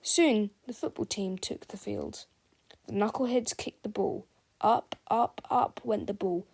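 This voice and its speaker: A woman's voice: medium pitch, a little slow, vocal fry, a little mellow, husky. A woman reading a children's book aloud, telling the story expressively and speaking to the listener directly. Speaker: storybook reader.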